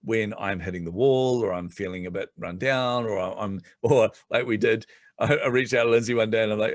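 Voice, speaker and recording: Fast-talking man telling stories. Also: medium pitch, dry recording, studio quality. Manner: fast, animated storytelling, laughs often. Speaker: guest entrepreneur. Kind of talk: casual podcast chat.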